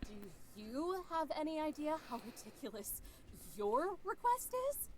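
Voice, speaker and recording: A woman's voice: mid-range voice, big pitch swings, normal speed, a little hiss or hum. A woman voicing a young woman park ranger who answers in dry, level retorts, in a game. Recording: music behind.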